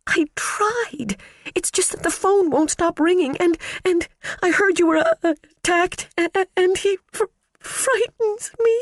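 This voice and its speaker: A man's voice: extremely high pitch, expressive, unhurried, dry recording, studio quality, voice pushed up. A man voicing a timid young female secretary who stammers and cries, in an audiobook. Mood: panicked. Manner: stammering, whimpering. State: crying. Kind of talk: audiobook character voice.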